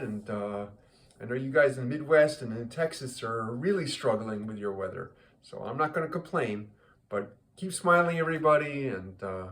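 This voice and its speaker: A man telling a joke in a relaxed, rambling way, full of fillers. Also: medium pitch. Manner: rambling, chatty, many fillers. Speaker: joke teller.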